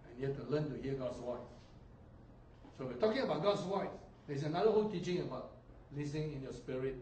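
Pastor, male, slightly high voice, lively sermon delivery, distant mic in a reverberant hall. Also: slight background noise. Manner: animated preaching, mimics people, swings loud and soft.

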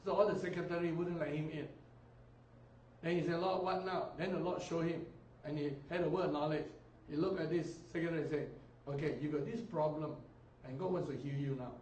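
Pastor, male, slightly high voice, lively sermon delivery, distant mic in a reverberant hall. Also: brisk, slight background noise. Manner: animated preaching, mimics people, swings loud and soft.

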